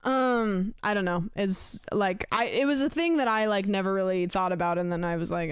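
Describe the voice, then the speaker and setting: Chatty woman streamer, smooth dry voice. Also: mid-range voice, normal speed, hardly any pauses, dry recording. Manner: rambling, thinks aloud with many fillers. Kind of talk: casual chat with live chat. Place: home room.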